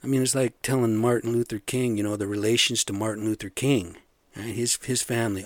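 A man ranting in a profane, sarcastic monologue, swinging between loud outbursts and low muttering. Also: brisk, no room sound.

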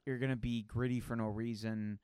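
Man, podcast co-host, casual comics chat, smooth clear voice, dry close sound. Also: mid-range voice, level tone, fairly quick, a little mellow, dry recording. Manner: enthusiastic, rambling with many fillers.

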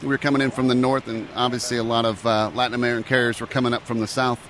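Man, airline pilot, casual anecdote, mid pitch, faint street noise. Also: flat delivery, very fast, a bit bright. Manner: mimics radio calls with rising voice.

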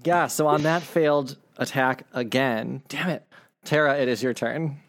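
Brief: male game master, casual rules talk, gravelly fry in the voice. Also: mid-range voice, measured pace, slight background noise. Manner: relaxed, explains rules, swears casually. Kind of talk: running a tabletop game.

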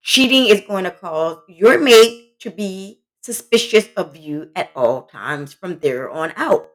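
A woman's voice: medium pitch, expressive, slow pace. Woman, podcast host, casual advice talk, blunt, emphatic, speaks directly to listeners.

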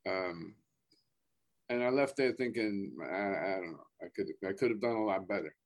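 A man's voice: sits low, normal speed. A man chatting casually as a guest actor, starting over and repeating words, swearing offhand. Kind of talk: casual podcast chat.

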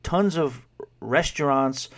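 A man's voice: mid-range voice, slow pace, a bit bright. A man hosting a travel podcast, talking casually and with animation about a cruise stop, slipping in playful quoted asides. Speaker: podcast host.

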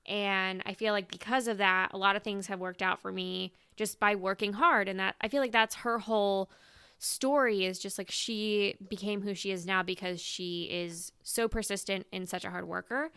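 A woman in her twenties co-hosting a podcast, telling stories in an animated, emotional way with lots of "like". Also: mid-range voice, normal speed, smooth, dry recording, clean studio sound. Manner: animated, emotional storytelling full of "like". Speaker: podcast co-host. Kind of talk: casual chat.

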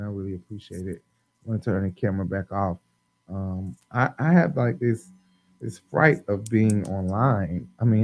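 A man hosting a casual live-stream chat, talking loosely and rambling with lots of ums, openly high. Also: highs cut off.

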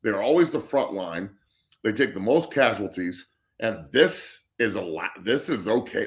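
A middle-aged man with a lowish voice holds forth in heated sports talk. He is blunt and profane and rants on without letting up. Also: lively intonation, unhurried. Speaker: guest co-host.

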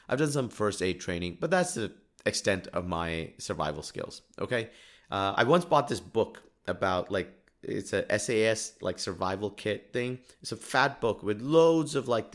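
Man, thirties, from Dubai, lowish voice, solo podcast host, rambling, self-mocking, chuckling, restarting sentences. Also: a bit bright. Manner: rambling, self-deprecating, laughs often, restarts. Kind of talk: casual solo podcast musing.

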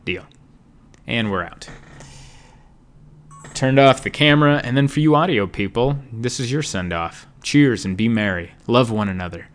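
A young man hosting his own comedy podcast, talking casually in a rambling, jokey way with sarcastic asides and big swings in pitch and loudness. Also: moderate pace. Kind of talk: casual solo podcast monologue.

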